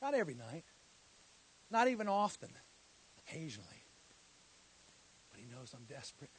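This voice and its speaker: A man preaching a sermon, telling a story and then building to loud, shouted exhortation before a church congregation. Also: on the high side, very animated, normal speed, background noise. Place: church hall.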